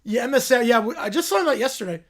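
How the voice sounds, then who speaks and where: A man's voice: very high-pitched, lively intonation, fast talker, a bit bright. A man hosting a livestream, reacting aloud in casual chat and thanking viewers. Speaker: livestream host.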